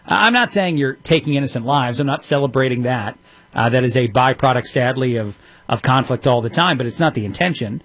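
A man's voice: mid-range voice, lively intonation, fairly bright tone, no echo. Sarcastic male radio talk host. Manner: sarcastic, rapid-fire delivery with frequent fillers. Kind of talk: opinionated radio commentary.

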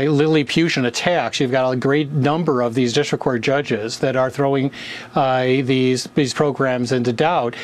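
A man commenting on court matters in a news interview, measured, with hesitations. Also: mid-range voice. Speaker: legal commentator.

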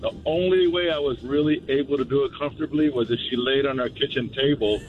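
A man's voice: mid-range voice, quick pace, faint music behind. A man calling a radio show, friendly and laid-back, over a phone line. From Hispanic background. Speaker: caller.

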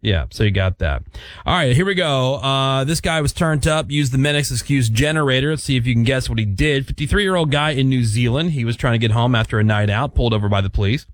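A middle-aged man hosts a casual talk show in a dry, close-miked sound. He tells animated stories, jumping up in pitch to act out each quoted line. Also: fast talker, hardly any pauses, no echo. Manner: animated storyteller, acts out quotes. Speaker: radio show host.

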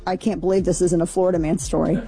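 A woman's voice: fairly low pitch, flat delivery, fast talker, warm tone. A woman hosting a radio talk show, running through news items in a chatty, rambling way, full of fillers and asides. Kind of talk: casual news chat.

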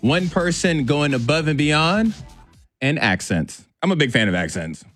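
Lively male radio host. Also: a little high, a little slow, faint music behind. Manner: playful, animated storytelling. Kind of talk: radio show chat.

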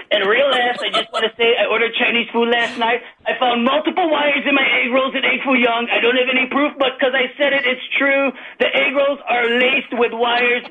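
A man from Chicago with a Chicago accent calling in to a sports talk show, rambling fast and joking. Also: extremely high pitch, little pitch movement, crowd noise. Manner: rapid-fire, rambling, jokey. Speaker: caller. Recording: dull lo-fi phone line.

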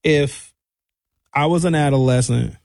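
A man's voice: mid-range voice, measured pace, vocal fry, no echo. A man, talking in a casual monologue and acting out voices as he tells stories. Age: 50s. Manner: animated storytelling with shouted impressions.

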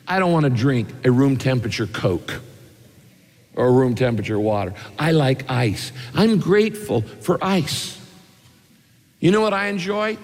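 A man's voice: fairly high pitch, big-room sound. A man preaching a sermon, telling homey stories and asking rhetorical questions. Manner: folksy storytelling with rhetorical questions. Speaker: pastor.

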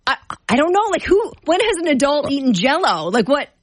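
Chatty higher-voiced woman on morning radio. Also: very animated, a little fast, dry recording, studio quality. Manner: chatty, emphatic, playfully disgusted. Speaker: radio show co-host. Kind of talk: casual radio banter.

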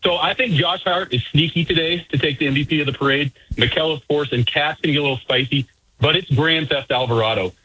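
A man's voice: fairly high pitch, pushed and bright, slightly rough, no room sound, low-quality recording. Playful male caller, dry line. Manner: playful, quick joking riffs. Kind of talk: call-in radio chat.

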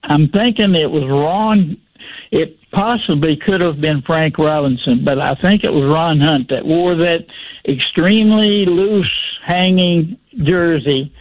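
An older man calling in to a radio sports show, slow and halting as he reminisces. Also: a little high, no room sound. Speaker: caller. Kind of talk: call-in radio chat. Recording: tinny phone line.

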